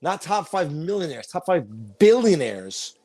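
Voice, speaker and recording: Lively, wisecracking man. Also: fairly high pitch, unhurried. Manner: joking, profane, incredulous. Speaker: podcast co-host. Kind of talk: casual podcast chat.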